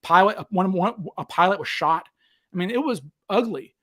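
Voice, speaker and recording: A man with a high voice hosts a relaxed talk show. He tells stories eagerly and jumps into other people's voices when he quotes them. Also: moderate pace. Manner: animated, acts out quotes with raised voice. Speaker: podcast host. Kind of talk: casual storytelling chat.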